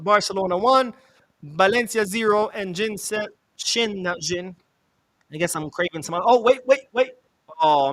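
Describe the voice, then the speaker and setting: A man's voice: sits high, pushed and bright, dry recording. A man hosting a live football watch-along, reacting to the match, reading chat messages aloud and swearing when his team misses chances.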